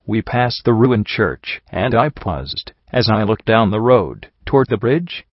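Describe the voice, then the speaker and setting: A man reading a fan fiction story aloud as narrator, in a steady, measured way. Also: lowish voice, no room sound, muffled recording. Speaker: audiobook reader.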